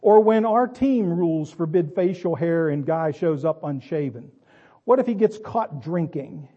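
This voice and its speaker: A man's voice: a little high, animated, a little slow, husky, dull audio. A man voicing an irritable old baseball coach who barks pointed questions at a crowd. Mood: stern, preaching.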